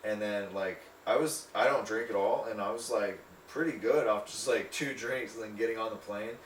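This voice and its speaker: Brief: easygoing male podcast co-host, mid-pitched, chatty rambler, heard from across an echoey room with faint hiss. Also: moderate pace. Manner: rambling, laughing, full of fillers. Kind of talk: casual storytelling chat. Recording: echoey room, far mic, faint noise.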